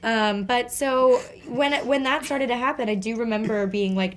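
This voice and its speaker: A young woman, chatting casually as an interview guest, animated and quick to laugh. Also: a little high, slight background noise. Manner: animated, giggly, acts out quotes. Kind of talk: casual chat.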